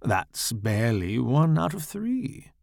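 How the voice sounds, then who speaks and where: A man voicing a smug, calm know-it-all man. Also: mid-range voice, slow, creaky, dry recording, clean studio sound, voice pushed up, full character voice. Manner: smug, soothing.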